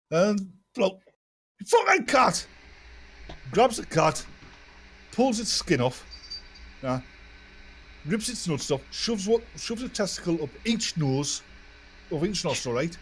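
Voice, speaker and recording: A man spins long, crude jokes in a loose, rambling way. His voice sits a little high and leaps up and down as he acts things out. A faint background hiss sits under him on the call. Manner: animated joke-teller, crude and rambling. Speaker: podcast co-host. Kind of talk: telling crude jokes in casual chat.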